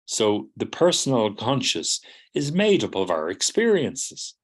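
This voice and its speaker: A man's voice: medium pitch, wildly swooping pitch, measured pace, slightly rough. A middle-aged man teaching psychotherapy students, explaining patiently, often checking in with "do you see?" and acting out people's replies. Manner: acts out students' replies in quoted voices. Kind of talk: lecture to students.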